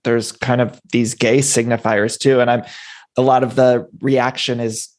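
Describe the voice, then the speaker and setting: A man's voice: mid-range voice, little pitch movement, unhurried. A man hosting an interview podcast, chatty and enthusiastic, running through a guest's credits with questions. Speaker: podcast host. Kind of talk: casual interview chat.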